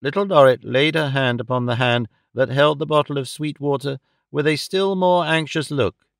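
A man giving scripted narration of a classic novel in a measured, even storytelling way. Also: mid-range voice, no echo, clean studio sound. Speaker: audiobook narrator.

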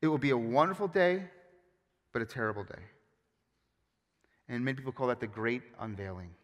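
A man preaching a sermon as pastor, with animated, emphatic storytelling and frequent restarts. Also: mid-range voice, fairly quick. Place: church sanctuary. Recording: long hall reverb.

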